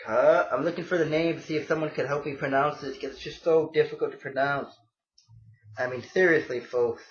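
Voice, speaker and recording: A man casually walking viewers through comic book panels, excitable and calling them folks. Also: on the high side, fairly quick, roomy sound, muffled recording. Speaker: comic book video host.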